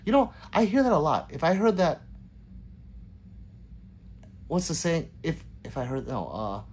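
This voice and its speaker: A man's voice: a little high, very animated, measured pace, husky. A man hosting a casual livestream, rambling and joking as he reads viewer comments aloud. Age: adult with children. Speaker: livestream host reading chat.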